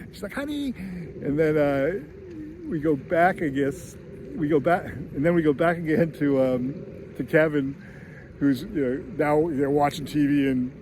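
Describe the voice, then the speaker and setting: A man with a somewhat high voice recaps a film scene by scene in a loose, chatty way. He laughs often and breaks into little acted-out lines. Faint background noise sits under his voice. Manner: animated storytelling, laughs often, acts out lines. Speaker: screenwriting channel host. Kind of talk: casual film recap and commentary.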